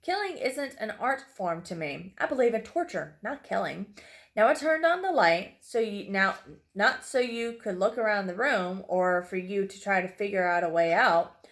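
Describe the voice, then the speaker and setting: A woman's voice: mid-range voice, lively intonation, normal speed, fairly bright tone. A woman voicing a sadistic male captor who taunts and threatens his prisoner in a horror story reading. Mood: menacing. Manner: taunting, menacing, mocking. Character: sadistic mocking male captor, cruel and calm.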